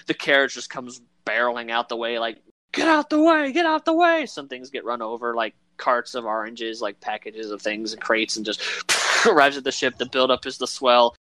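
A man chatting casually as a podcast co-host, with a bright, forceful tone at a middling pitch. He rambles with plenty of fillers and slips into voices to act out quotes. The sound is dry and close to the mic. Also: steady tone, moderate pace, no room sound. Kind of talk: casual chat about a film.

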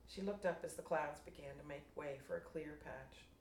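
A woman reading her own fiction aloud to a writers' group, measured and unhurried. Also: low voice, a little mellow. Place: room at a writers' group meeting. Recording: roomy room, distant mic, faint noise.

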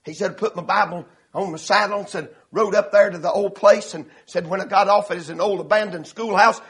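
A male preacher telling a story in a sermon, swelling into shouts and laughter. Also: high voice, steady tone, brisk.

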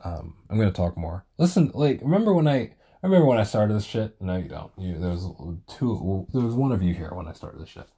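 A man's voice: on the low side, very animated, fairly quick, hardly any pauses, mellow, husky. A man hosting a solo podcast, rambling casually and swearing a lot, with self-deprecating asides.

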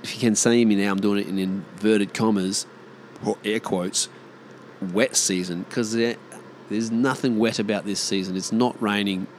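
A man's voice: fairly low pitch, steady tone, moderate pace, a little mellow, a little hiss or hum. A man in his thirties with an Australian accent, rambling casually on his own and swearing freely. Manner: swears freely, mimics mates in exaggerated voices. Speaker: vlogger.

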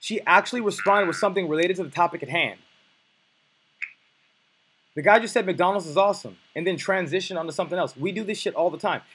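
A man's voice: high voice, fast, fairly bright tone, slight background noise, low-quality recording. A man coaching on dating, teaching in a blunt, profane, emphatic way. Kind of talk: coaching lesson.

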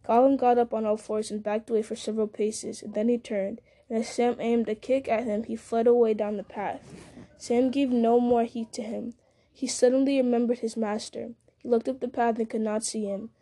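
A woman reads a story aloud at a measured pace, now and then slipping and starting a line over. Her voice sits fairly high, with a mellow, soft-edged tone. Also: level tone. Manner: measured, with occasional slips and restarts. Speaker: reader. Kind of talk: audiobook-style story reading.

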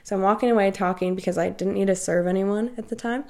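A woman's voice: mid-range voice, steady tone, quick pace, dark tone. Chatty young woman telling a story. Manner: chatty, heavy use of "like", acts out quoted dialogue. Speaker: podcast co-host. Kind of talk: casual chat storytelling.

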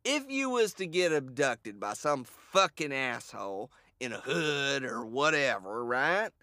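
A man with a Southern US accent co-hosting a comedic podcast, rambling and cursing, often getting loud and excited. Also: medium pitch, measured pace, no room sound, clean studio sound. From American South. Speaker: podcast co-host. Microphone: podcast microphone.

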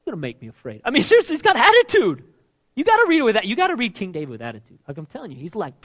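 A man preaching a sermon with a high voice that climbs as he gets fired up. He is emphatic and animated and sounds middle-aged. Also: very fast. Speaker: pastor.

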